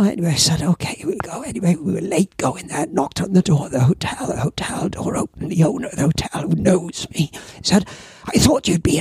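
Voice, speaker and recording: A man's voice: sits high, dry recording. An older Welsh man, a former surfing champion, telling rambling anecdotes in a casual interview. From Wales. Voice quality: gravelly, raspy. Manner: rambling anecdotes with lively asides. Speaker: surf shop owner and former surfing champion.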